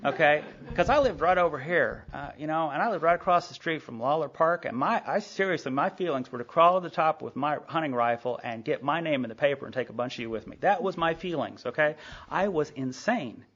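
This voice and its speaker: A man, speaking at a recovery meeting, telling his story in a quick, animated way full of asides. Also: on the high side. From Sherman, Texas. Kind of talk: personal storytelling talk. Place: meeting hall. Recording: dull lo-fi tape recording.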